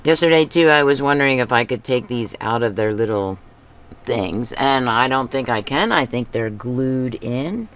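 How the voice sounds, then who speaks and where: A woman hosting a craft video, chatting casually as she paints, thinking aloud and talking to herself with soft chuckles. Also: a bass voice, animated, moderate pace. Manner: soft chuckles between remarks.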